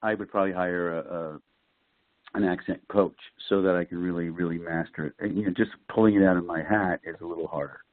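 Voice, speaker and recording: A middle-aged man from Brooklyn, an actor telling lively stories as an interview guest. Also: fairly quick, dry recording. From Brooklyn, New York. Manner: animated storyteller, lively pitch jumps. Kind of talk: casual interview. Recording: dry, tinny phone-like line.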